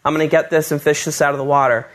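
A man's voice: a little high, racing. A man telling a personal story about his proposal and family, acting out the people he quotes. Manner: animated storyteller, acts out quoted voices.

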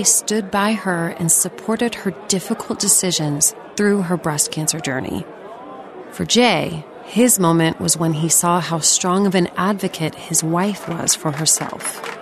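A woman host reading a scripted podcast introduction in an even, measured way. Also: on the low side. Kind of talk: scripted narration. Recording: clear music bed behind the voice.

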